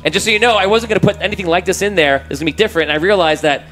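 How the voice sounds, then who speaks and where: A man's voice: high-pitched, very fast, a bit bright, faint music behind, poor audio. A man narrating as game master of a tabletop game, setting scenes cinematically and rambling with restarts and fillers.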